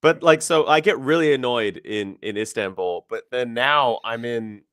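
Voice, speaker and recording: A man co-hosting a casual livestream chat, talking in an animated way with frequent restarts and swearing. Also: mid-range voice, normal speed, no room sound. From South Korea. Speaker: co-host.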